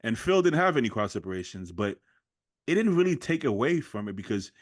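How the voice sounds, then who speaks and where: Low-voiced man chatting on a podcast. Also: very animated, brisk, no room sound, clean studio sound. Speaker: podcast co-host. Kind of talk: casual chat.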